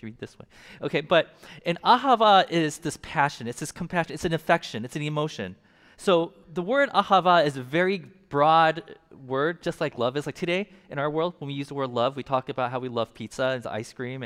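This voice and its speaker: A man in the pulpit gives a relaxed, humorous sermon to a congregation. His voice sits a little high for a man and rings out with a long hall reverb. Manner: casual, joking, engages the audience. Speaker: pastor.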